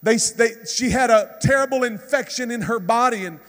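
A man's voice: very high-pitched, moderate pace, a bit bright. A man preaching a sermon in a church, retelling a story with impassioned, preacherly delivery. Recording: long reverb from a hall.

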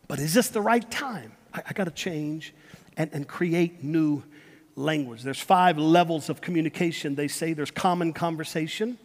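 Man preaching, emphatic, repeats himself, high voice, long echo. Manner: emphatic, repeats words, swings from loud to hushed. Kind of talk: sermon. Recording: long hall reverb.

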